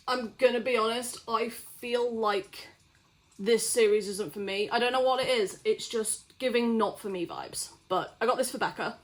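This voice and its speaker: British woman, young, casual book vlogger, slightly high voice, sweary ranter. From Britain. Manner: chatty, swears freely, ranting in mock outrage. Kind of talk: casual vlog chat.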